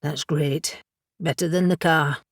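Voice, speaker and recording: A weary wolf-shifter man, dry and practical, with no time for fuss, as voiced by a woman. His voice is low and husky, recorded close in a dead, dry space. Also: fairly even intonation, unhurried, dry recording. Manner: dry, matter-of-fact.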